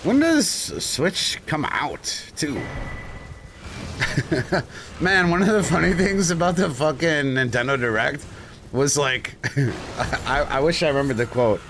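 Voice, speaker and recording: A man's voice: fairly high pitch, measured pace, long pauses, a little hiss or hum. A man streaming live, chatting casually and telling stories with lots of swearing and frequent laughter. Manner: animated, swearing storyteller who laughs often.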